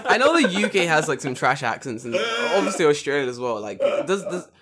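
A young man from the UK chatting casually, excitable and sweary, quick to laugh. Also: on the high side, crowd noise. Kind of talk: casual chat.

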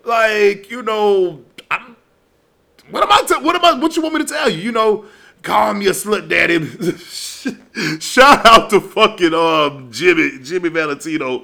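A man telling stories in a casual comedic monologue, animated and profane, often breaking into laughs. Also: sits high, measured pace, gravelly. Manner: animated, profane, loud storytelling with frequent laughs.

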